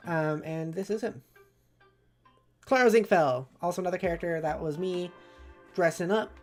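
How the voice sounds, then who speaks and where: A woman's voice: lowish voice, moderate pace, darkish tone, soft background music. A woman streamer chatting casually on a live stream, rambling from one thought to the next. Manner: rambling, jumps between thoughts.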